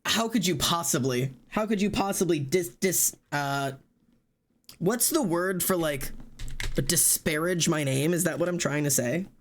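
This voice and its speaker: A streamer chatting casually and loudly to live viewers, rambling and poking fun at themself. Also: mid-range voice, measured pace. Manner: loud, rambling and self-mocking. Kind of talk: casual livestream chat to viewers.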